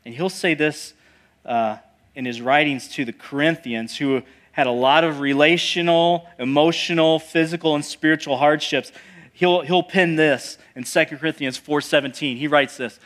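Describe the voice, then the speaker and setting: A man with a somewhat high voice preaches a sermon as a pastor. He drops into quiet, almost hushed asides, then climbs to loud, forceful declarations. He keeps asking the congregation rhetorical questions. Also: unhurried.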